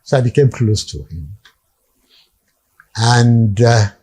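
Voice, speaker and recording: An older Nigerian-accented man tells his stories as a guest, with a husky, slightly breathy voice at an ordinary middle pitch. He brings past scenes to life, acting out each speaker as he narrates. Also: slow, a little mellow. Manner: vivid storytelling, acts out quoted dialogue. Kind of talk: storytelling reminiscence.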